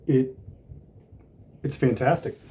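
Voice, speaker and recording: A man's voice: mid-range voice, fairly even intonation, slow, mellow, a little hiss or hum. A man casually talking through an unboxing of hats, rambling with lots of fillers and restarts.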